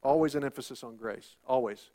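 In a warm, medium-pitched voice and at a slightly fast clip, a male pastor preaches a sermon. He poses rhetorical questions, repeats phrases for emphasis, and uses call-and-response, asking "Amen?"

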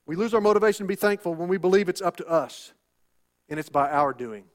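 A man's voice: high voice, expressive, fast. A male pastor preaching a sermon, asking rhetorical questions and repeating phrases for emphasis. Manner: rhetorical questions, call-and-response "Amen?".

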